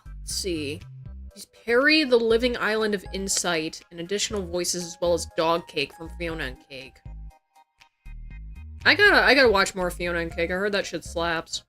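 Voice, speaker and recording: A woman's voice: fairly low pitch, expressive, normal speed, bright, forceful tone, faint music behind. A young woman livestreamer chatting casually, swearing freely and reacting in disbelief as she reads things out. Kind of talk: casual chat.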